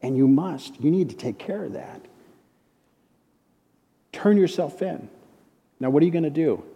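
A man preaching a storytelling sermon, slowing for emphatic repeated refrains and then dropping quick and hushed to tell a story. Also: a little high, creaky. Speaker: preacher and ministry director. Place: conference hall. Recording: long reverb of a large hall.

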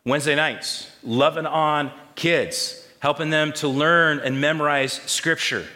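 A male pastor preaching a sermon in a church and pausing to ask the congregation questions. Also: fairly high pitch, steady tone, sharp tone, long reverb tail. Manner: call-and-response questions to the congregation. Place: church sanctuary.

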